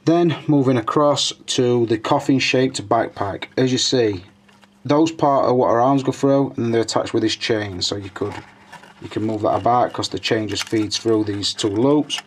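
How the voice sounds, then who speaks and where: A man's voice: mid-range voice, normal speed. A man giving a casual, chatty walkthrough of a collectible figure, with frequent "uh" fillers. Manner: chatty, informal, hesitant with fillers. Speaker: toy reviewer.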